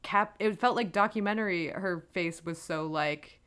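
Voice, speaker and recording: A woman co-hosting a podcast, her voice sitting a little low for a woman. She talks eagerly and loosely, with plenty of "like" fillers in easy, casual chat. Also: moderate pace, a bit bright, smooth. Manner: chatty, enthusiastic, frequent "like" fillers. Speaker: podcast co-host. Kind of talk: casual film discussion.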